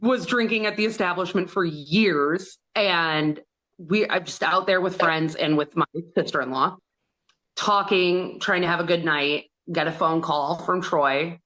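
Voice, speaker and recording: A woman guest on an interview podcast, retelling a painful memory in an earnest, halting way and acting out other people's words as she goes. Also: on the low side, a bit bright. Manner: acts out others' words in quoted dialogue. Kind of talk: personal storytelling in an interview.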